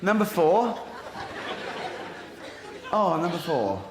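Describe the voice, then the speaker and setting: Stand-up comic, mocking and sweary, a touch high, live room with audience noise. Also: male voice, big pitch swings, slow pace. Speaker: stand-up comedian. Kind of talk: stand-up routine. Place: theatre stage, live audience. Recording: echoey venue with crowd noise.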